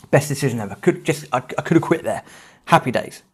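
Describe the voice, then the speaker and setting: A man, hosting a podcast and telling a travel story in a lively, self-mocking, casual way. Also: fairly high pitch, fast, vocal fry, husky. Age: 30s. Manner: animated, self-mocking anecdote telling with swearing. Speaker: podcast host.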